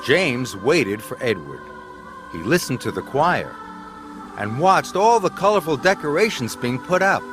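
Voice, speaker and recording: A man reading a children's railway story aloud as narrator. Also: medium pitch. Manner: slow, expressive storytelling. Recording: music underneath.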